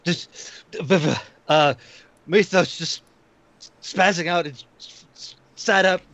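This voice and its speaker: A man's voice: fairly high pitch, steady tone, slow pace, a bit bright, no echo. Stammering male player, dry dull audio. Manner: hesitant, stammering questions. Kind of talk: casual tabletop game play.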